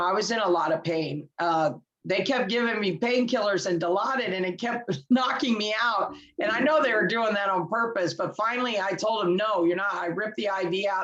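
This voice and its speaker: A woman, a guest telling her story in casual chat, animated and laughing often as she acts out quoted voices. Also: mid-range voice, dull audio. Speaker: interview guest.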